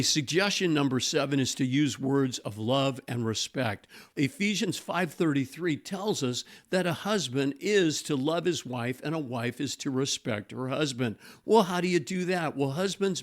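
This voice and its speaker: A middle-aged man, a Christian marriage coach and pastor, giving a scripted teaching talk, measured and slowing down on key points as he quotes scripture and example phrases. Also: a little high.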